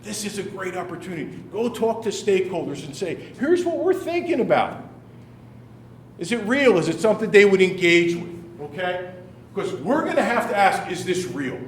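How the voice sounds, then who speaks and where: A man leading a classroom workshop, running an upbeat, brisk roll call of teams. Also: high voice, animated, a little hiss or hum. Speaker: workshop leader. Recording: echoey room from far off.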